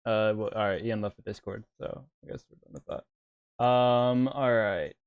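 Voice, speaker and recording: Man, streamer, slow, low-ish, smooth clear voice, dry close sound. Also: no room sound, phone-quality sound. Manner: laid-back, rambling with fillers. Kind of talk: casual live-stream chat.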